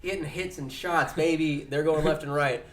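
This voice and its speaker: A man telling a story in a casual podcast chat, animated and laughing often as he talks. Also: a little high, moderate pace. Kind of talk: casual locker-room chat.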